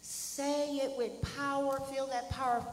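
A woman guiding a group through an affirmation, soothing at first, then calling out loudly. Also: sits high, flat delivery, unhurried, a little hiss or hum. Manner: soothing guidance that swells to loud calls. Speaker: guest speaker leading an affirmation. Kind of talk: guided affirmation in a sermon. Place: church or hall. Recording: roomy hall with long reverb, faint ambience.

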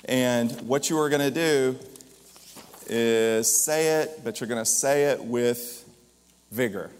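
A minister preaching a lively sermon, his loudness rising and falling, with joking asides. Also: mid-range voice, slow, smooth. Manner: lively, jokey preacher with shifting volume. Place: church or hall. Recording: long reverb of a large hall.

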